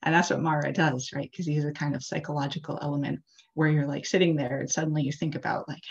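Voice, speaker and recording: Woman interfaith leader, low voice, casual chatty sermon delivery, muffled video call sound. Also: fairly even intonation, fast. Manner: casual, chatty, many "like" and "uh" fillers. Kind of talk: storytelling sermon. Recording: dull lo-fi video call audio.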